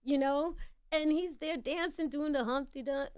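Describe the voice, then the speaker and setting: A middle-aged woman, a radio interview guest, telling a story in a lively way and acting out the voices of the people in it. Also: high voice, moderate pace. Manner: animated, acts out quoted voices.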